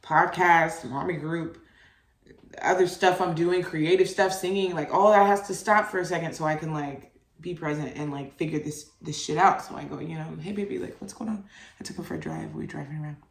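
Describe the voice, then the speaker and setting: A woman's voice: low voice, fairly even intonation, a little fast, creaky. A young adult woman hosting a solo podcast, talking candidly and loosely, full of "like" fillers and casual swearing. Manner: candid, rambling, heavy on "like" fillers, swears freely. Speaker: podcast host, mother. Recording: roomy, voice distant from the mic.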